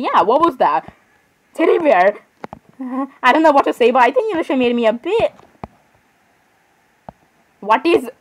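A woman's voice: a little high, rough recording. A woman giving casual gameplay commentary, chatty and playfully sarcastic, laughing often. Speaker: gamer.

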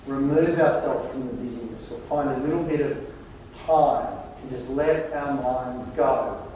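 A man's voice: fairly high pitch, darkish tone. Man, conference talk, anecdotal and wry, very echoey large hall, faint background noise. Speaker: conference presenter. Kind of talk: humorous storytelling keynote. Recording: very echoey hall, distant mic.

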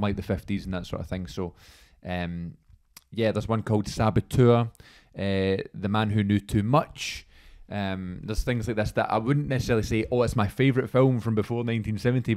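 A man's voice: on the low side, steady tone, moderate pace, hardly any pauses, darkish tone. A man in his twenties hosting a podcast, chatting casually and rambling through anecdotes with lots of "like"s. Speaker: podcast host. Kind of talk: casual chat.

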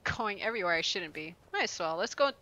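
A woman's voice: on the low side, expressive, fast, bright, forceful tone, rough recording. A woman streaming a video game, chatting casually in a rambling, profane way and laughing often. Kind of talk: casual chat while playing a game.

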